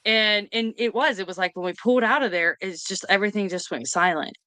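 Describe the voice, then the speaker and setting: A woman hosts a chat and retells what happened in a quick, rambling, excited rush. Her voice is mid-pitched and recorded dry and close, with no room sound around it. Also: clear, resonant tone, dry recording. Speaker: host. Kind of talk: casual storytelling chat.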